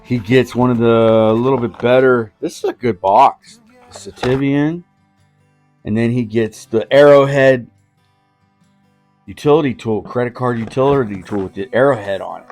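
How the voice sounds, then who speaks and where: A man's voice: medium pitch, moderate pace, darkish tone, faint music behind. A man in his fifties hosting a casual vlog, rambling and joking as he hands out giveaway knives. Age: 50s. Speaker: knife channel host.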